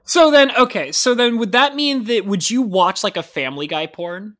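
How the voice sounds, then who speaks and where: A man's voice: high voice, moderate pace, bright, forceful tone. A man hosting a casual podcast chat, teasing his guests and laughing often. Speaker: podcast host.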